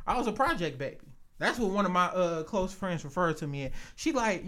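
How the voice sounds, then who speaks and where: Lively man telling stories. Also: high voice, a little fast. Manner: animated storyteller, acts out quotes, laughs often. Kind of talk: casual chat.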